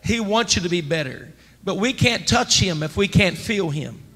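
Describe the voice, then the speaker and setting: A man preaching a sermon as pastor, emphatic and rising to near-shouts. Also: high voice, expressive, moderate pace. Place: church sanctuary. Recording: church sanctuary with long reverb, faint noise.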